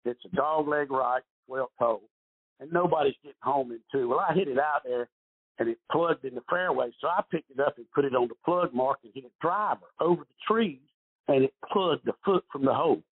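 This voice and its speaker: A man's voice: mid-range voice, brisk. A middle-aged man, a retired golf pro, telling rambling stories as an interview guest and often repeating his words. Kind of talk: casual storytelling interview. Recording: husky voice over a tinny phone-like line.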